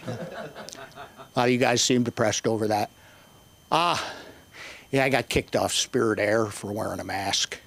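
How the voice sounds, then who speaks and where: An older man doing profane, rambling stand-up comedy at an open mic, with sudden shouted bursts. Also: mid-range voice, measured pace, vocal fry, long pauses. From Northern Ireland.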